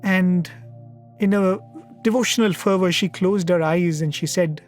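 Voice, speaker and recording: A man speaking at a satsang, telling a devotional story in an earnest, reflective way with pauses and fillers, recorded in a studio. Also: high-pitched, steady tone, darkish tone, faint music behind. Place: media centre studio.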